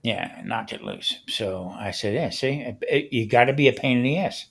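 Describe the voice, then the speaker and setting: A man talking on a relaxed podcast, with a voice in the middle range for a man. He tells stories with animation and slips into the voices of people he quotes. He speaks loosely and conversationally, in an easygoing back-and-forth with the others. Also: mid-range voice, normal speed, gravelly, breathy edge. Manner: animated storyteller who acts out the people he quotes. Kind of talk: casual podcast chat.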